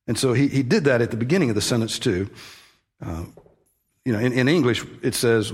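A man's voice: medium pitch, darkish tone, breathy edge. A man preaching a sermon in a conversational teaching manner, stressing key words and often restarting phrases. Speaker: pastor.

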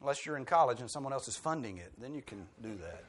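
A man's voice: mid-range voice, animated, quick pace, few pauses. A man preaching a sermon in a conversational way, with rhetorical questions and dry humor.

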